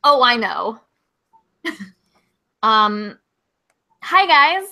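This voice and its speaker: Chatty, high, bright-voiced woman. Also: big pitch swings, drawn-out words, creaky. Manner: chatty, laughs often, steers the conversation. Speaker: co-host. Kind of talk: casual comedy podcast chat.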